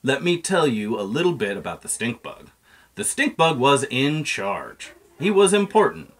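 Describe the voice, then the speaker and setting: A man's voice: mid-range voice, sing-song, moderate pace. A man reading a children's picture book aloud in a playful storytelling manner. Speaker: reader.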